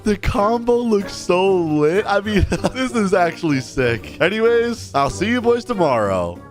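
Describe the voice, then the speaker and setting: A young man hosting a role-play gaming video, talking through the action in an animated, exclaiming, slangy way. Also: high voice, a little slow, soft background music. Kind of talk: excitable role-play gameplay commentary.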